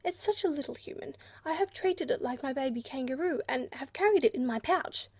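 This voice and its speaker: A gentle, motherly kangaroo talks in a high, earnest voice, polite and a little anxious, as a woman reading the story gives her lines. She frets but stays kind. The voice is close and dry. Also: expressive, fairly quick, no room sound. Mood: pleading.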